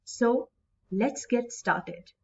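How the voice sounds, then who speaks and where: A woman English instructor with a Pakistani English accent giving a recorded lecture, speaking slowly and stretching words out syllable by syllable. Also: fairly high pitch, animated, a little mellow, husky. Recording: distant mic, dull lo-fi sound.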